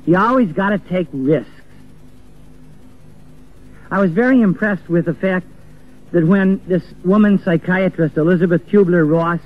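A man preaching an earnest sermon, acting out the voices of the people he quotes. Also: a little high. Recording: tinny phone-like old recording with faint music.

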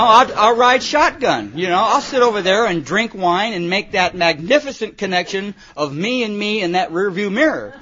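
A man's voice: high-pitched, sharp tone. A man sharing humorous stories at a recovery meeting, rambling and full of "you know" and "man". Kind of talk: humorous storytelling to a live audience. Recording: muffled recording with audience laughter.

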